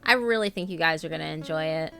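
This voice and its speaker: Young woman, streamer, casual live chat, bright clear voice, lots of ums, faint guitar music underneath. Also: sits low, fast talker. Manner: chatty, reads out viewer names, filler-heavy.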